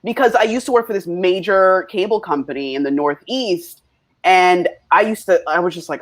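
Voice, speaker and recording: A woman's voice: lowish voice, animated, moderate pace. A woman co-hosting a podcast in casual chat, telling personal stories in a conversational way with many fillers. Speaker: podcast co-host.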